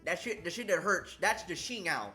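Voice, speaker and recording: High, bright-voiced streamer with a lisp. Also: male voice, expressive, faint music behind. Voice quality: slight lisp. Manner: halting, repeats words, struggles with S sounds. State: sore tongue from a canker sore. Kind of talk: casual livestream chat.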